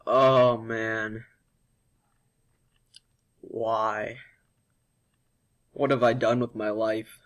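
A man's voice: medium pitch, little pitch movement, extremely slow, long pauses. A young male vlogger doing a sugar challenge, worn out and dramatic, coughing and complaining between words. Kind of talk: casual vlog.

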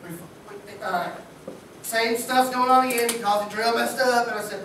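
A man delivers a sermon in a loose, joking, buddy-like manner. He is heard from well back in a very echoey church sanctuary, with a steady hum of room noise under him. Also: very high-pitched, normal speed. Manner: casual, joking, talks like a buddy. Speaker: preacher. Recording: echoey church hall from far off.

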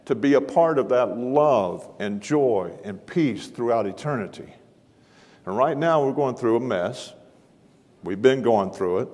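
A man's voice: medium pitch, darkish tone. A man preaching a sermon in a large church auditorium, folksy and self-deprecating in manner. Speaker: guest preacher. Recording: long hall reverb.

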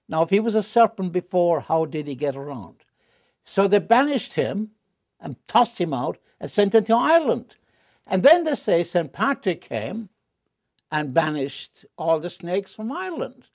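A man in a candid interview, a wry and animated storyteller who jumps up in pitch for punchlines and drops low and quiet on serious confessions. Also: dry recording, studio quality. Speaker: interview guest.

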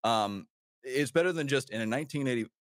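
A man's voice: mid-range voice, fairly quick, dry recording, clean studio sound. A man with a light Wisconsin accent, a guest on a casual podcast, telling stories in a rambling, self-deprecating way full of restarts. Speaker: podcast guest, former radio host. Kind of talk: casual chat.

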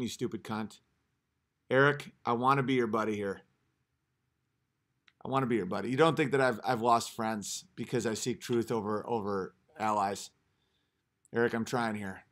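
A streamer goes after his chat in a profane, combative rant, swinging from mutters to yells and circling back to the same short phrases. He speaks at a medium pitch.

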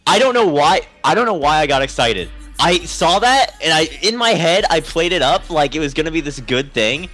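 A young man chatting on a gaming podcast, excitable and quick to swear. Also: fairly high pitch, faint music behind. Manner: excitable, swears, lively delivery. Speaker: podcast co-host. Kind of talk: casual chat.

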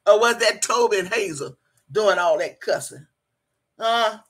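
A woman's voice: mid-range voice, lively intonation, slow pace, long pauses, breathy edge. A woman hosting a casual livestream, reading viewer comments aloud in a playful, teasing way and drawing out her greetings in a sing-song voice. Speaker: livestream host.

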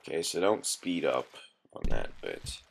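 A man's voice: deep voice, gravelly. A young man giving casual gameplay commentary, swearing constantly and yelping in frustration.

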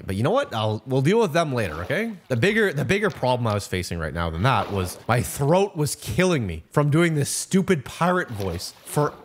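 A man's voice: mid-range voice, sing-song, brisk, hardly any pauses, slight background noise. A man narrating a voiceover for a game video, rambling off script and talking to himself. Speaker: video host.

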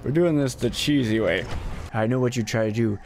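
A man's voice: mid-range voice, a little fast, a little mellow, slight background noise. A man streaming a video game, tired and losing his voice, joking and laughing, with frick and freaking in place of swears. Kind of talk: casual live-stream commentary.

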